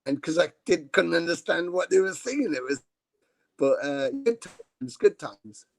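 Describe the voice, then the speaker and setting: A man's voice: on the high side, lively intonation, unhurried, creaky. A middle-aged man as a guest musician, telling rambling anecdotes over a video call, with lots of fillers and casual swearing. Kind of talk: casual interview storytelling.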